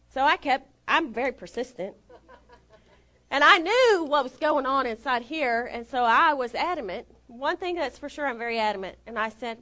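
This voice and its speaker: A middle-aged woman giving a storytelling sermon, animated and self-deprecating, acting out the dialogue. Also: high-pitched, moderate pace. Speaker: lay preacher.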